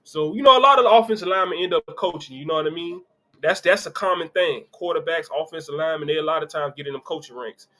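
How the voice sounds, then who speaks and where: Bright-voiced man riffing on college football. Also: on the high side, fast. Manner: loose, conversational, reads comments aloud with asides. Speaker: sports show host. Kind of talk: casual sports commentary live stream.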